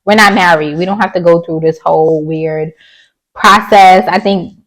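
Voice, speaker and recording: A woman's voice: lowish voice, normal speed, a bit bright, low-quality recording. A woman giving a casual, opinionated recap of a reality show, chatty and blunt, with sassy asides and mocking quoted voices. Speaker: YouTube reality-TV reviewer.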